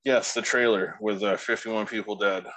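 Low-voiced man rambling on a podcast. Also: steady tone, moderate pace, a bit bright, dry recording, poor audio. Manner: laid-back, rambling, heavy swearing. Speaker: podcast co-host. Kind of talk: casual podcast chat.

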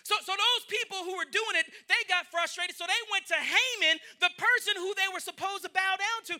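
A man preaching to a congregation with a high, sharply bright voice. He tells the scripture story with animated character voices. His speech has an African lilt, and he keeps calling out to the crowd. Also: brisk, hardly any pauses. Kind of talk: sermon. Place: church in front of a congregation.

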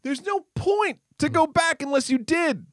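A man's voice: very high-pitched, unhurried, dry recording, clean studio sound. A man co-hosting a casual movie podcast, arguing his point emphatically and swearing casually. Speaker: podcast co-host.

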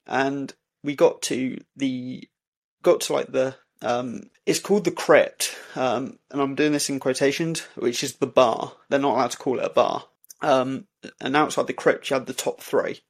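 A man, a podcast co-host, telling a story in casual chat, halting with many fillers and restarts. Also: medium pitch, fairly even intonation, creaky. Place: indoor recording for podcast.

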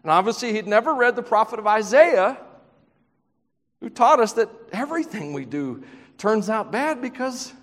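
A man preaching a sermon as a pastor, swinging from loud emphatic passages to quiet, hushed questions, with self-deprecating asides. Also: sits high, sing-song, normal speed. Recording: long reverb of a large hall.

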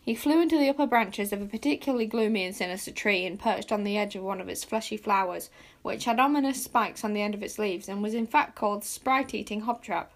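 A woman narrating a children's storybook aloud with lively, expressive storytelling. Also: mid-range voice, quick pace. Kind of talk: storybook reading.

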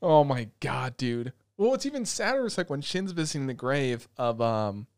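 A man hosting an anime podcast in casual chat, excitable and profane, laughing often. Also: medium pitch, moderate pace, no room sound, studio quality. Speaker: podcast host. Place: at home, talking over Discord.

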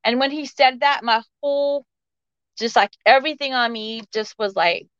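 A woman's voice: a little slow, a bit bright, clean tone, dry recording. A woman in her forties, a podcast guest, telling a personal story with energy and acting out the other people's voices as she quotes them. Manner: acts out the quoted voices of others with shifts in pitch. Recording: slightly muffled dry recording.

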